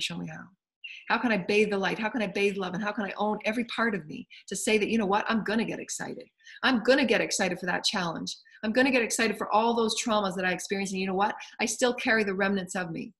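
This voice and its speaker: A woman's voice: medium pitch, fairly bright tone. Fervent woman giving a spiritual address. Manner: fervent, repetitive, emphatic. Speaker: spiritual channel.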